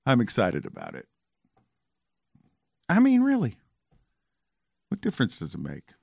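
A man's voice: mid-range voice, wildly swooping pitch, measured pace, vocal fry, dry recording. A man co-hosting a podcast in casual chat, with dry, sarcastic humor. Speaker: podcast co-host.

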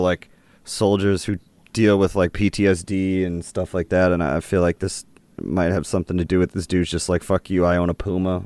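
A man's voice: low-pitched, a little mellow, no room sound. A man co-hosting a podcast, telling stories in a laid-back, casual way with frequent swearing. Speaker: podcast co-host. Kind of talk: casual chat.

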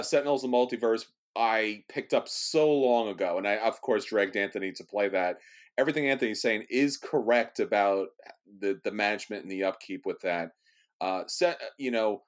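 An upbeat man hosts a relaxed podcast conversation, announcing matchups and chatting with laughs in between. His voice sits at an ordinary middle pitch. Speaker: podcast host running the bracket. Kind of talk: casual chat.

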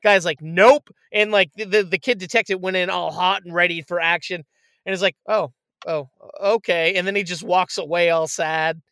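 A man in casual chat, retelling a movie with lively acted-out quotes and frequent swearing. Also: high-pitched, brisk, smooth, no room sound. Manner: animated storyteller, acts out quotes, swears freely. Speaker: podcast co-host reviewing a movie.

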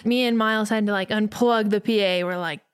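Young female musician, lively interview storyteller, close dry mic. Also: medium pitch, brisk, clear, resonant tone, no echo. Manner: animated storyteller who acts out quotes. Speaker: band member. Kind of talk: casual anecdote in an interview.

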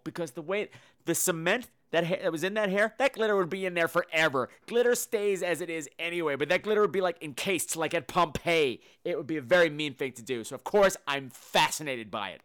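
A man hosting a podcast, telling comedic stories in a campy, animated way with sudden loud exclamations. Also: fairly high pitch, fairly quick. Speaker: podcast host. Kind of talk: casual comedic monologue.

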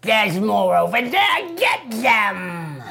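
A woman voicing a bossy, overweight male goblin leader who yells harsh orders at his underlings. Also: sits high, sing-song, drawn-out words, vocal fry, voice pushed up, heavily acted. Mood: commanding.

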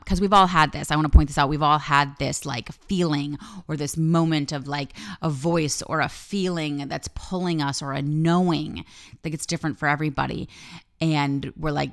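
A woman life coach and podcast host telling a personal story in a candid monologue, swearing freely and talking with lively energy. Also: deep voice, a little fast.

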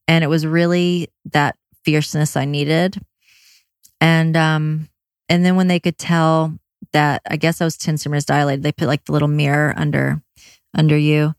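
Woman, low register, candid storyteller, blunt with the odd curse, rushes in bursts, dry recording. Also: flat delivery, no echo. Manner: candid and frank, with blunt swearing; talks in quick bursts with many fillers. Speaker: mother sharing her birth story. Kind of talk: personal storytelling.

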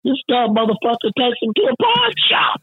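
Speaking fairly quickly in a very high, breathy voice, this man is a union rep telling a profane workplace tale and acting out everyone's lines. The audio is narrow and tinny.

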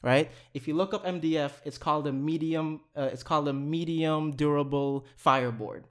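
A young man casually telling a long story on a podcast, animated, swearing and laughing as he goes. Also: a little high, normal speed.

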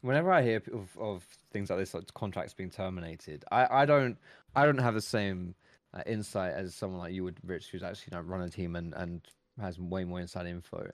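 A man co-hosting a podcast, speaking in a measured, slightly hesitant way. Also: deep voice, no room sound. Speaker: co-host. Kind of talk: casual podcast chat.

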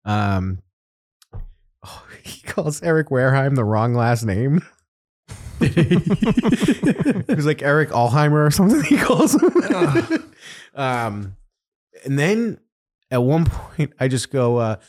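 A man's voice: mid-range voice, slow, pauses often. A man hosting a podcast in casual chat, telling a story with lots of laughter. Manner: animated storytelling, laughing often. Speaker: podcast host.

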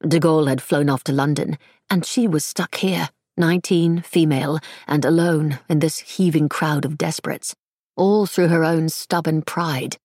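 A woman reading an audiobook in scripted, measured narration. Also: sits low, steady tone, a little mellow, no echo, studio quality.

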